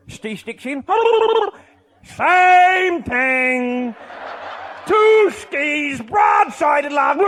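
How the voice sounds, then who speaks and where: An older man telling a comic tall tale, boisterous and loud, often laughing as he talks. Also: very high-pitched, lively intonation, drawn-out words. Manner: boisterous, often shouting and laughing mid-sentence. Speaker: storyteller.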